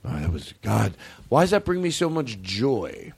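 A man hosting a comedy podcast, ranting in a profane, excitable, rambling way. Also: on the low side, normal speed, creaky, slightly rough, no echo, soft background music. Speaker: podcast host. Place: podcast studio.

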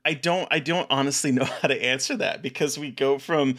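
A man's voice: medium pitch, fairly even intonation, a little fast, fairly bright tone. A man co-hosting a casual movie review podcast, hesitant and repeating words as he thinks. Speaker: podcast co-host.

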